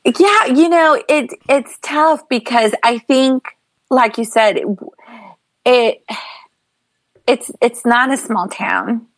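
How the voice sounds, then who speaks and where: A fairly high-voiced middle-aged woman talks through her thoughts on a casual podcast, rambling with fillers and restarts. Her voice is close and dry, with no room sound. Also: slow pace, long pauses, dry recording. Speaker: podcast co-host.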